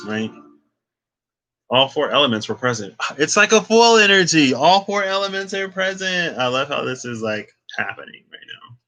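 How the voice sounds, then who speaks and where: A man's voice: fairly high pitch, sing-song, moderate pace, sharp tone, faint music behind. A young man giving a casual, rambling tarot reading, thinking aloud and restarting his phrases often. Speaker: tarot reader.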